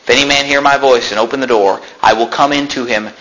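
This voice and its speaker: A man's voice: mid-range voice, steady tone, fast talker, fairly bright tone, highs cut off, a little hiss or hum. A man preaching a sermon as pastor, talking conversationally, often laughing and acting out complaining voices.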